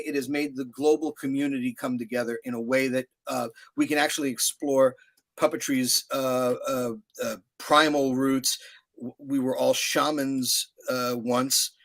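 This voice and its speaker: A man in his sixties talks loosely in an interview. His stories wander and restart, full of fillers, yet stay animated throughout. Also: mid-range voice. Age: 60s. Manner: rambling, animated storyteller with many fillers. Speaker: puppeteer guest. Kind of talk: casual interview chat.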